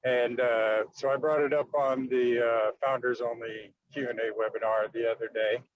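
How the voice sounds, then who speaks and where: A man's voice: medium pitch, muffled recording. Man rambling through a question on a call. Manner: rambling, with many fillers. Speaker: team member asking a question. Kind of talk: casual question on a video call.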